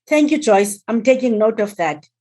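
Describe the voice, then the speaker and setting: Halting, emotional woman on a call. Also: a little high, animated, mellow. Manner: halting, repeats words, emotional. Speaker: group member. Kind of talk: casual group video call chat.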